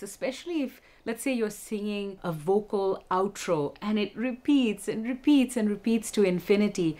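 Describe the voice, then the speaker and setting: A woman vocal instructor giving a music lesson, explaining techniques clearly and demonstrating them. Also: medium pitch, a little mellow.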